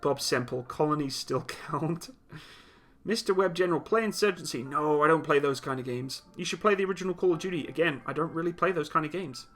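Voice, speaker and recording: A man's voice: on the high side, brisk, a bit bright. Blunt teasing male streamer. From Britain. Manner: blunt, teasing, reads chat comments aloud. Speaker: livestream host answering chat questions. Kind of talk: casual live Q&A chat.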